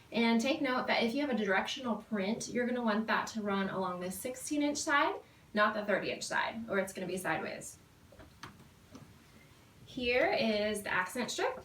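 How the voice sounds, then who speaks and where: Woman, 30s, upbeat tutorial host, fairly high voice, recorded a bit off-mic in a roomy space. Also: fairly bright tone, distant mic, a little hiss or hum. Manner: cheerful, step-by-step explaining.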